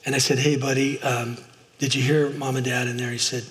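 A man's voice: medium pitch, flat delivery, brisk, fairly bright tone. A middle-aged man preaching as a pastor in a church, chatty and self-deprecating, often asking his listeners "right?". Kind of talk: sermon. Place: church sanctuary, in front of a congregation. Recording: long hall reverb.

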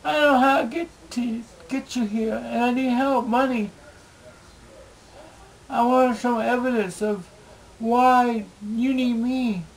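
Man, home video diary, halting and pleading, high gravelly voice. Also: low-quality recording. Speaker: video blogger. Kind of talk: emotional personal video diary.

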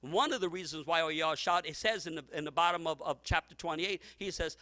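Middle-aged male pastor, piercing bright tone, lively laughing sermon delivery. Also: on the high side, fast talker, few pauses, dry recording. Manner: animated, laughing preaching with shouted peaks.

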